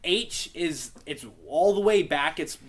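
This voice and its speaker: A man's voice: on the high side, expressive, takes it slowly, slight background noise. A young man teaching a casual beginner Greek class, explaining patiently and asking his students for questions. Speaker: Bible study Greek teacher.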